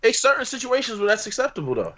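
A man's voice: very high voice, very animated, fast talker, over a noisy crowd. A man co-hosting a podcast, chiming in with short questions and asides. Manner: brief interjecting questions. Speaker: podcast co-host. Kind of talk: casual chat.

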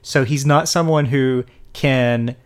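A man's voice: medium pitch, steady tone, slow pace, smooth. A man co-hosting a casual film discussion, animatedly retelling scenes and acting out characters' lines. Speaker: podcast co-host.

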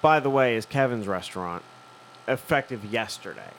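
A man's voice: on the low side, lively intonation, moderate pace, a bit bright, a little hiss or hum. A man, co-hosting a casual chat and acting out both sides of a profane story. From Philadelphia. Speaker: podcast co-host.

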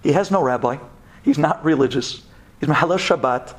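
A man's voice: on the high side, brisk, slightly rough. A man, a rabbi, telling a story dramatically and acting out the people in it. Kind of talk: storytelling talk.

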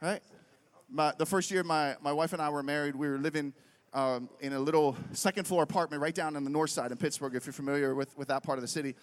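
A young adult man preaching a sermon in an animated, conversational way, telling stories and often asking "right?". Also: on the high side, quick pace. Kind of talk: sermon with storytelling.

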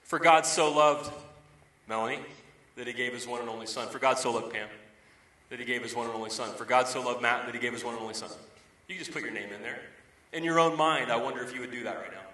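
A man in his thirties delivers a conversational sermon in a bright, forward voice. His voice sounds distant and roomy, as if from a mic some way off in a reverberant hall. He tells everyday stories and hammers his points home by repeating key phrases. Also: mid-range voice, steady tone, fast. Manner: conversational storytelling, emphatic repetition. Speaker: pastor. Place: church sanctuary.

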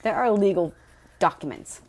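A woman's voice: fairly low pitch, big pitch swings, normal speed, slightly rough. A woman co-hosting a casual podcast, recapping a book with mocking jokes, swearing and playful asides. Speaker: podcast co-host.

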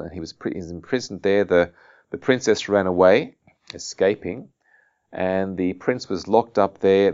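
Very deep-voiced male meditation teacher. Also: darkish tone, clear, resonant tone, lo-fi sound. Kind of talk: dharma talk with storytelling.

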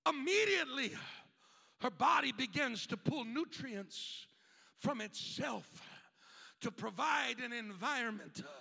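A male pastor preaching with a strikingly high, gravelly voice that has a sharp, piercing edge. He builds his phrases with "uh" fillers and climbs into shouts. The sound rings with the long reverb of a big church hall. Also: lively intonation, a little slow. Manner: emphatic preaching that rises to shouts, with frequent "uh" fillers between phrases. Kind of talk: sermon. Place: church sanctuary.

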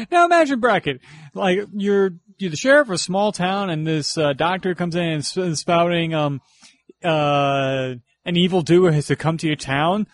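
A man's voice: high voice, normal speed, no echo. A man co-hosting a casual film commentary podcast, chatty and analytical, breaking into easy laughter. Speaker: podcast co-host.

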